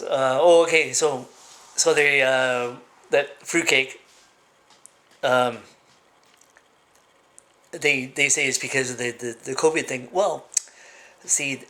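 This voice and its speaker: Rambling, bright-voiced man ranting. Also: mid-range voice. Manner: rambling and halting, full of "uh" and restarts; blunt, opinionated ranting. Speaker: vlogger. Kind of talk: casual monologue to camera.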